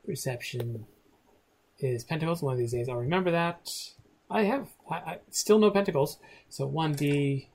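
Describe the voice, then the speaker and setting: A man's voice: a little high, normal speed, darkish tone, a little hiss or hum. A man narrating a tabletop game as game master, rambling with many restarts.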